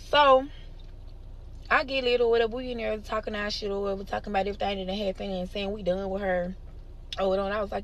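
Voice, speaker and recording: A woman's voice: medium pitch, fairly even intonation, quick pace, a bit bright, a little hiss or hum. Fed-up, profane woman telling a story. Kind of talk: casual storytime.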